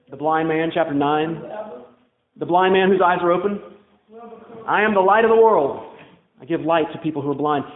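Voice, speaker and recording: A man with a high voice delivers a conversational sermon and puts questions to his congregation. The sound is thin and phone-like, and it echoes around the church. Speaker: pastor.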